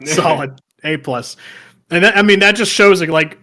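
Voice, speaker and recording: A man's voice: high-pitched, moderate pace, bright, forceful tone. A man co-hosting a casual gaming podcast, ranting and swearing with frequent laughter. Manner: ranting, profane, laughs often. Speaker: podcast co-host.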